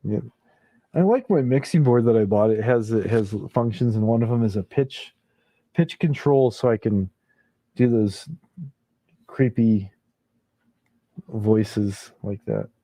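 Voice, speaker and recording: A man's voice: on the low side, takes it slowly, pauses often, mellow, dry recording. A man hosting a casual late-night livestream, chuckling often and reading viewer comments aloud. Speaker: livestream host.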